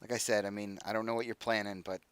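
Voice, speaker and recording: A man's voice: on the low side, little pitch movement, fast talker, clear, resonant tone, no echo, natural voice. A man voicing a bored, sardonic young courtesan. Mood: bored, dismissive.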